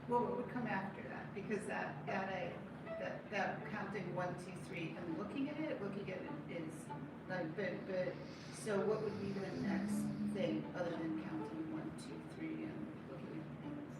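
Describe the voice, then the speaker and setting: A woman student asking her teacher questions in a halting, searching way. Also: medium pitch, big pitch swings, distant mic. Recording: roomy sound from off-mic with loud noise.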